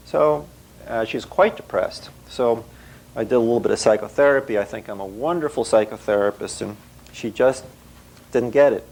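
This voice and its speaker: A man's voice: medium pitch, moderate pace, gravelly, darkish tone, low-quality recording. A male psychotherapist recounting a clinical case as a story and acting out the dialogue.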